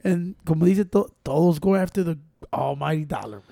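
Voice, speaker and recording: A man with a notably high voice talks in a laid-back, profane way, slipping in Spanish now and then. The sound is dry and close, with no room echo. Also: brisk, creaky, dark tone. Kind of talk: casual chat.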